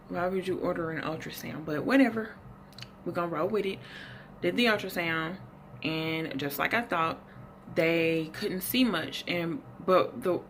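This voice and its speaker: A woman's voice: low voice, a bit bright, slight background noise. A young adult woman giving a rambling, self-correcting health update at her desk, a little out of breath. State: slightly out of breath. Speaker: vlogger. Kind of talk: casual health update vlog.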